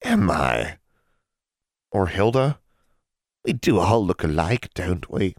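A man's voice: sits low, very animated, takes it slowly, no room sound, voice pushed up, exaggerated voice. A man voicing a sly, mocking old female hag in an audiobook.

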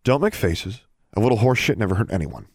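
A man with a low voice voicing a large, cheerful female witch custodian who talks in a brisk, breezy and casually crude way. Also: sing-song, husky, no room sound, clean studio sound, exaggerated voice.

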